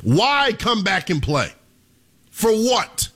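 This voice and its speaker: A young man hosting sports talk radio, delivering a theatrical monologue that he keeps addressing to the listeners as ladies and gentlemen. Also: high voice, sing-song, slow, breathy edge.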